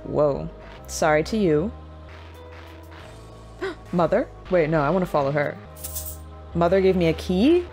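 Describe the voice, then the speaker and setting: A young woman chats playfully and sarcastically while playing horror games, her voice sitting a little low. A faint bed of music plays underneath. The delivery stays casual and quick-witted. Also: sing-song, darkish tone. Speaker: horror game streamer. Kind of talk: casual gaming commentary.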